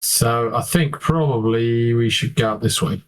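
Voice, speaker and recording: A man's voice: medium pitch, a little slow, rough recording. A man playing in a tabletop game, thinking aloud and hesitant, asking the game master questions. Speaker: player.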